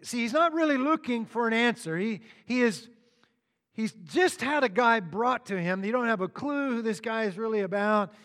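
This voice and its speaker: A man with a high-pitched voice preaches a sermon, teaching through scripture verse by verse. He breaks off into casual asides to the congregation, and his voice rings with the long reverb of a large hall. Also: animated, moderate pace, fairly bright tone. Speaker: pastor.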